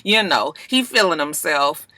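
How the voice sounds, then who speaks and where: Sassy woman vlogger, blunt and profane, with a sharp, bright voice. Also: deep voice, lively intonation, measured pace, dry recording. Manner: sassy, blunt, swears freely. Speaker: YouTube reviewer. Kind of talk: casual review vlog.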